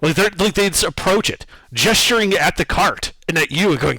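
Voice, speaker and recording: A man narrating a tabletop game as game master, describing scenes in a lively, casual way with fillers. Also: high voice, normal speed, husky, no echo.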